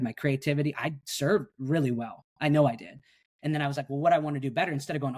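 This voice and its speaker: A middle-aged man, a coach and speaker, explaining his daily habits in a podcast interview, earnest and energetic, acting out his own inner dialogue. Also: fairly high pitch, fast, husky.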